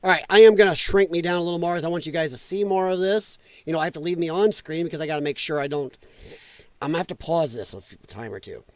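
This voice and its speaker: Blunt high-voiced man streaming. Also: quick pace, no room sound. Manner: loose, blunt, laughs at clips. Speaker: livestream host. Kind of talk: casual livestream commentary.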